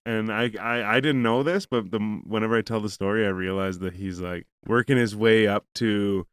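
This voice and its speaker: Low, smooth-voiced man telling a rambling story. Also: moderate pace, a bit bright, no room sound, studio quality. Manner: rambling and profane, full of "like" and "man"; acts out both sides of a conversation. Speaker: podcast host. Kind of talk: casual storytelling chat.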